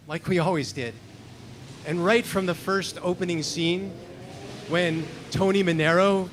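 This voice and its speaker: A man's voice: on the high side, a bit bright, a little hiss or hum. A man in his fifties performing a personal story at a storytelling slam, wry and reflective. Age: 50s.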